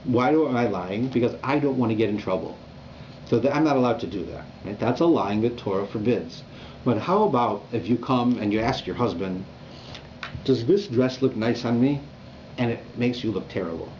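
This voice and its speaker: A rabbi teaching a Torah class in a conversational, animated way, often checking in with "right?". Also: male voice, mid-range voice, normal speed. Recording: dull lo-fi recording with faint room noise.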